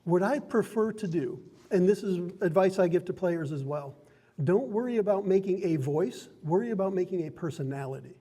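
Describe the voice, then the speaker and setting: High-voiced man explaining game rules. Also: lively intonation, moderate pace, mellow, big-room sound. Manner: friendly, instructive, laughs often. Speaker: dungeon master. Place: card and game store.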